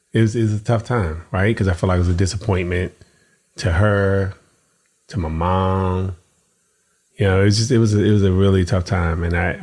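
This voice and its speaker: A man's voice: low voice, darkish tone. A man, an entrepreneur and podcast co-host, speaking in a subdued, candid way in an interview.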